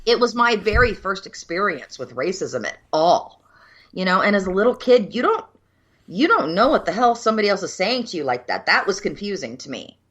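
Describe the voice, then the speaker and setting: Bright-voiced Midwestern woman in her 50s. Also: mid-range voice, brisk, husky, lo-fi sound. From USA, Minneapolis. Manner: frank and animated storyteller, swears freely. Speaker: podcast co-host. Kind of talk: casual chat over cocktails.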